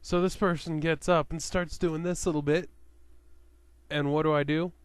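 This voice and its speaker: A man's voice: on the high side, flat delivery, normal speed, clean tone, no echo. A man telling a profane, sarcastic rant to his webcam as a vlogger, swearing freely as he tells stories.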